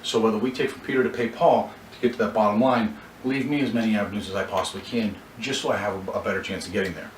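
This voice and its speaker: A man's voice: fairly low pitch, steady tone, fast talker. A man coaching car salespeople, acting out short bits of dialogue and often restarting his sentences. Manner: coaching, role-plays dialogue, frequent restarts. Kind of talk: sales training talk. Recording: echoey room from far off, faint background noise.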